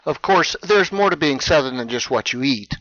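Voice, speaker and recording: A man teaching English in a scripted lesson, speaking clearly and with emphasis for learners. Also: on the high side, animated, moderate pace, sharp tone, no echo, dull audio.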